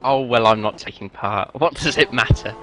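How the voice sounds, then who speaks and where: Bright-voiced man with dry banter. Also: mid-range voice, normal speed, soft background music, rough recording. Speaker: race broadcast co-host. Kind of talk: casual live broadcast chat.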